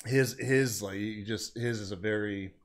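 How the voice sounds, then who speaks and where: A man's voice: fairly low pitch, steady tone, a little slow, slight background noise. A man co-hosting a casual wrestling recap podcast, laid-back and jokey, slipping into quoted voices. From American South. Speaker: podcast co-host.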